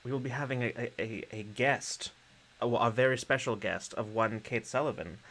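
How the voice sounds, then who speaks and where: A man's voice: medium pitch, moderate pace, a bit bright. Guy hosting a live stream, rambly, lots of ums, laughs a lot, mid voice. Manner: rambling with many fillers and restarts; laughs easily. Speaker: podcast host. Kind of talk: casual livestream chat.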